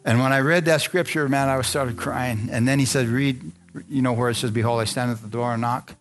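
A man's voice: mid-range voice, fairly even intonation, brisk, soft background music. A man preaching, telling a personal story to a congregation and acting out the dialogue in it. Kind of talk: sermon testimony.

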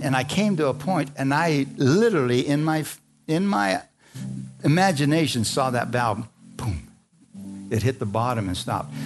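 A man preaching a sermon, telling a personal story in a conversational way and calling out to the congregation. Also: medium pitch. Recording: music playing behind.

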